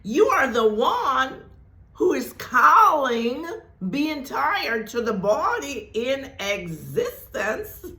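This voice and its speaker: A woman giving a spiritual talk as host of her channel, speaking deliberately, repeating phrases for emphasis and laughing often. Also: on the high side, bright, forceful tone. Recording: echoey room.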